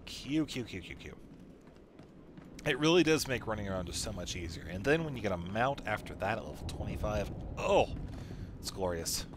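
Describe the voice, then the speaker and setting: A man's voice: lowish voice, big pitch swings, moderate pace, noisy background. A man casually commenting while playing a video game, chatty and joking. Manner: chatty, joking, laughs often. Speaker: let's play host.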